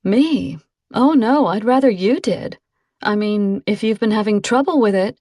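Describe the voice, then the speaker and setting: A woman's voice: medium pitch, unhurried, darkish tone, no echo, clean studio sound, lightly acted. A woman reading an audiobook voices a bored, exasperated teenage girl in a raised, whiny voice.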